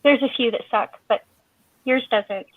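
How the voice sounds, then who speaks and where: A woman chatting casually on a panel, telling stories in a lively, talkative way. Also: a little high, measured pace, dry recording. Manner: chatty, storytelling. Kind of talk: casual chat. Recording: tinny phone-like online call audio.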